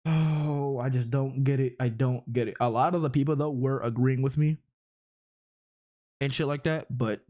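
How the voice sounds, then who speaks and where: A man's voice: medium pitch, fairly even intonation, moderate pace, darkish tone. Exasperated man ranting with profanity. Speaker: online commentator. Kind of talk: ranting commentary on social media posts.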